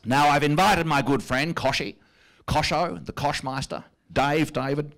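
A man's voice: on the high side, a little slow, a bit bright. A man with an Australian accent doing a stand-up impression of a pompous, self-satisfied wealthy prime minister, speaking in a smug, drawling, self-amused way on stage. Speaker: comedian.

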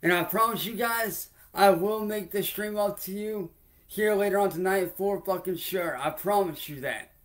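A man's voice: high-pitched, moderate pace, fairly bright tone. A man livestreaming, ranting angrily and profanely at a viewer and then apologising to his audience, repeating himself often. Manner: heated, profane, confrontational; repetitive, addresses a heckler then the audience. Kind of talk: angry livestream rant to viewers.

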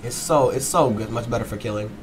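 A man giving a fast, excited play-by-play breakdown of a fighting game match, swearing and breaking into excited bursts. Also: mid-range voice, music in the background. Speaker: match analyst.

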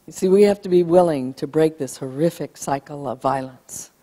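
A woman's voice: low voice, moderate pace, warm tone. Woman giving a big emphatic talk on bullying, long echo from a hall. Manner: emphatic, acts out quoted parents and kids. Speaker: speaker on bullying. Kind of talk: keynote talk to a live audience.

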